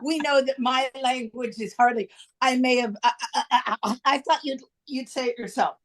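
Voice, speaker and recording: A woman's voice: high-pitched, steady tone, normal speed. A woman hosting her own podcast, chatty and laughing often as she tells a story, with frequent restarts. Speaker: podcast host. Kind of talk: casual podcast introduction.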